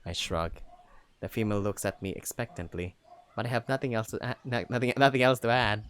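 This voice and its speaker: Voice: medium pitch, fairly even intonation, fairly quick, clear, resonant tone. A narrator reading a fantasy story aloud in the first person, wry and exasperated. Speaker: narrator and reader.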